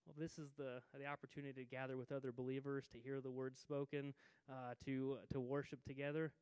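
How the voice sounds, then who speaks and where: A man's voice: medium pitch, little pitch movement, brisk, a little mellow, smooth, no echo, big-room sound. A man in his thirties preaching a sermon as pastor, conversational and self-deprecating, with frequent restarts. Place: church sanctuary.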